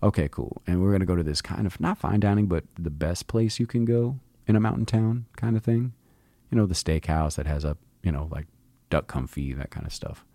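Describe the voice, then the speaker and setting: A middle-aged man with an extremely low, rumbling voice tells a long anecdote in a loose, swearing, laid-back way, putting on voices for the people he quotes. The sound is close and dry, with no room to it. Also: animated, fairly quick, warm tone, dry recording. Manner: profane, laid-back storyteller who acts out quotes. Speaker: podcast host. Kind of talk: casual storytelling monologue.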